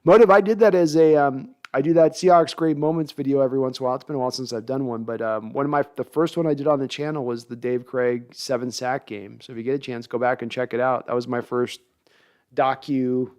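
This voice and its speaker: Man, stream host, casual, playful, rambling, clear smooth voice. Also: medium pitch, steady tone, quick pace, a little mellow. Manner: playful, rambling, reads out chat comments. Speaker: podcast host. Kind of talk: casual live-stream chat.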